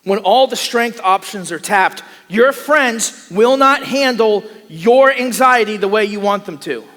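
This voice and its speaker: Animated high-voiced preacher in echoing church. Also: male voice, unhurried. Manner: animated, acts out voices of people he describes. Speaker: pastor. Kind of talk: sermon. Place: church sanctuary. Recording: long hall reverb.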